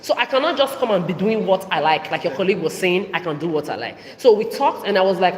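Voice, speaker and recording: A woman's voice: fairly low pitch, expressive, fast, hardly any pauses. A young woman records a heated video update on her phone, talking in a confrontational, repetitive way that rises into outbursts. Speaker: vlogger. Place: indoor public hall with shops on each side. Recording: echoey big indoor hall.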